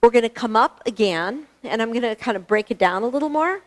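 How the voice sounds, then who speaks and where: A woman's voice: on the high side, lively intonation, fairly quick. Chatty, encouraging woman leading yoga class. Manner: chatty, encouraging, laughs often. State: out of breath. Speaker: yoga instructor. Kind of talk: live online yoga class instruction. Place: fitness studio.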